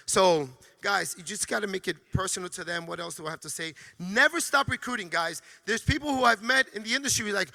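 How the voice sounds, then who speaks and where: A man with a high, very bright and sharp voice gives an energetic motivational training talk. His tone has a gravelly fry. He is emphatic, repeats words as he restarts, and coaches his sales team. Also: a little fast, few pauses.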